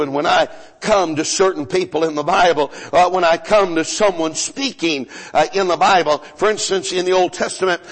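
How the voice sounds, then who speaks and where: A pastor preaching a sermon in a folksy, joking way, often stumbling and repeating himself. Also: male voice, on the high side, long reverb tail, rough recording.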